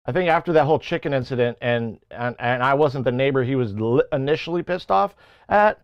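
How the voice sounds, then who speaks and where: A man's voice: mid-range voice, fairly quick, no echo, highs cut off. A man hosting a livestream, rambling through a casual story with plenty of swearing. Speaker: livestream host. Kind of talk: casual chat.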